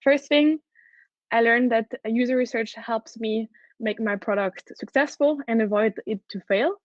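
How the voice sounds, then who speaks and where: A woman's voice: on the high side, measured pace, dry recording. A woman with a French accent giving an enthusiastic conference talk as a head of product, often restarting her sentences. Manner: enthusiastic, earnest, with frequent restarts. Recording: dull, dry lo-fi recording.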